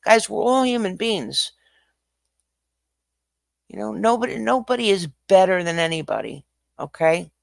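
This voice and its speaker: Guy ranting on his livestream, kinda high voice, dry close sound, gets loud then drops quiet. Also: very animated, unhurried, creaky, pauses often, no echo. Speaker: livestream host. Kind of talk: casual livestream talk.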